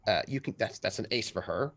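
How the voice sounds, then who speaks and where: A man narrating scenes as game master of a tabletop role-playing game, unhurried and descriptive. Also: on the low side, gravelly, fairly bright tone.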